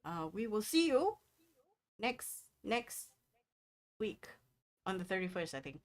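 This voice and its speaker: A woman game master narrates a tabletop role-playing session. She talks in a casual, hesitant way with frequent fillers. Her voice sits at an ordinary middle pitch. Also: very animated, takes it slowly.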